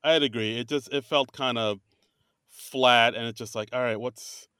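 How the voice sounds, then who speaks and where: On a remote call, this podcast co-host chats casually while reviewing a comedy show, rambling and halting through his thoughts with lots of fillers and restarts. His mid-range voice is sharp, clear and resonant, with fairly even intonation, and the dry recording sounds studio quality.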